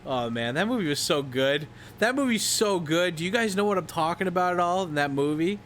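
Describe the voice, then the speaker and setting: A man's voice: high-pitched, animated, fairly quick, fairly bright tone, slight background noise. A young man streaming, chatting casually and rambling about movies with lots of swearing and laughter. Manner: rambling, profane, laughs a lot, scats and imitates movie lines. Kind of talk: casual livestream chat.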